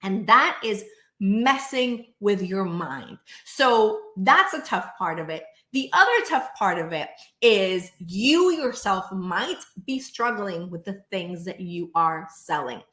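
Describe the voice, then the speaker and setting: A woman business coach talking straight to camera in an energetic, emphatic way, full of "like" and "right?", acting out her clients' inner worries in quick asides. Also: medium pitch, roomy sound. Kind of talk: direct-to-camera coaching monologue.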